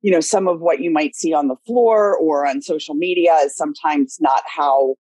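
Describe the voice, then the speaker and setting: A woman with a slightly husky voice speaks candidly in long, winding sentences. She is a legislative director in a webinar discussion on a video call. Her sound is dry and close, with no room around it. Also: low voice, normal speed, warm tone, dry recording.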